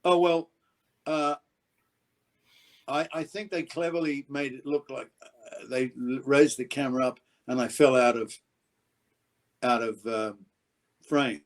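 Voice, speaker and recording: Animated older man telling set stories. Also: medium pitch, measured pace, long pauses, poor audio. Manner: animated, acts out quotes with sudden loud outbursts. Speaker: actor guest. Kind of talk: anecdotal interview storytelling.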